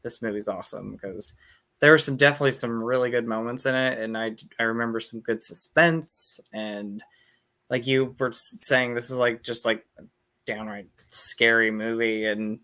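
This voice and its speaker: A man's voice: medium pitch, steady tone, normal speed, sharp tone. A man in his thirties, a guest on a casual stream, talking in a rambling way with many fillers. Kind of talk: casual chat.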